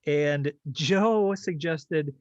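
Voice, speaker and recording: A man's voice: fairly high pitch, extremely slow, darkish tone, no room sound, highs cut off. A man reading out audience chat suggestions at a live improv comedy show.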